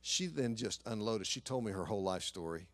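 A man as a pastor, telling a story in an earnest sermon and lively when quoting others. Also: fairly low pitch, fairly quick, no echo.

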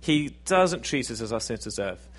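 A man's voice: medium pitch, expressive, moderate pace. A man preaching a sermon in a conversational, self-deprecating, jokey way.

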